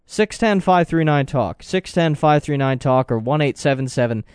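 A male talk radio host delivers heated commentary in a fairly high, animated voice that swings widely in pitch. He climbs into indignant outbursts while taking calls. The studio sound is dry and close. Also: moderate pace, smooth, dry recording. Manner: impassioned, rising to indignant outbursts.

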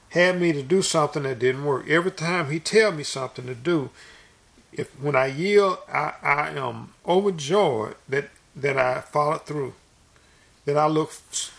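Gravelly man preaching a folksy sermon. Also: on the high side. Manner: folksy, repetitive, earnest with restarts.

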